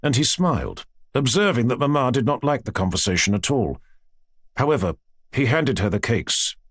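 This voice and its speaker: A man reads an audiobook with a husky, slightly breathy voice and a lively, wide-ranging pitch. The recording is close and dry, with no room sound. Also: moderate pace, no room sound. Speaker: audiobook narrator. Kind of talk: audiobook narration.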